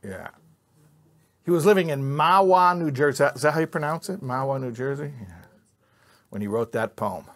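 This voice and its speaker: A man's voice: medium pitch, lively intonation, moderate pace, long pauses, a bit bright. A man teaching an informal Bible class to a live group, joking and quizzing his listeners. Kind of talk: informal Torah class with audience.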